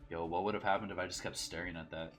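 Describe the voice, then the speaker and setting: Casting note: laid-back gamer, lowish voice, reads narration aloud with stumbles. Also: male voice, steady tone, fast, a bit bright, faint music behind. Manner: casual, swears mildly, reads aloud with stumbles. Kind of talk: let's play commentary and narration.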